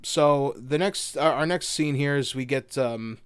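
A man's voice: medium pitch, measured pace, clean tone, dry recording, studio quality. A young man co-hosting a podcast in loose casual chat, rambling with restarts and fillers. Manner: rambling, lots of restarts and fillers, laughs often. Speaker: podcast co-host.

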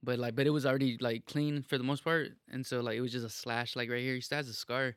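Fast-talking profane young man telling a story. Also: mid-range voice, clear, resonant tone, no echo, clean studio sound. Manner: profane, animated storytelling with lots of fillers. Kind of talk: casual storytelling chat.

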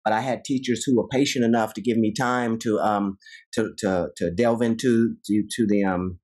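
A man in his fifties from Ohio with a Dayton accent, telling stories as an interview guest, animated and acting out quoted voices. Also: fairly low pitch, moderate pace. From Ohio, USA. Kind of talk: casual interview storytelling.

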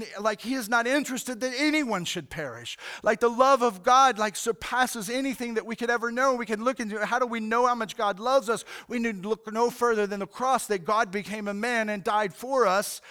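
A man's voice: very high-pitched, bright, forceful tone, clean tone. A middle-aged male pastor preaching a sermon in a casual, fired-up way, often saying "man" and "like".

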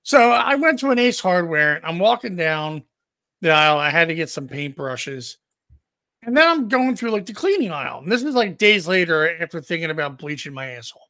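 A man co-hosting a podcast, telling a rambling, profane story in a casual, animated way. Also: on the high side, brisk, no echo, studio quality. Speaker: podcast co-host.

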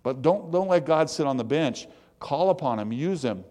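A man's voice: a little high, expressive, moderate pace, dark tone. Folksy man preaching a devotional. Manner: folksy, plain-spoken, with self-mocking asides. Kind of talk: conversational devotional sermon.

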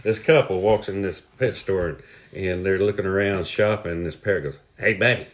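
A man telling jokes in a folksy, drawn-out way. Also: sits low, fairly even intonation. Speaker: storyteller. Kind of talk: casual joke telling.

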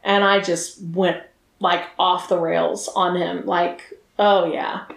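A woman's voice: fairly low pitch, little pitch movement, slow, gravelly, roomy sound. A woman who works as a dominatrix, chatting bluntly and crudely on a podcast, often laughing. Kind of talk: casual podcast chat.

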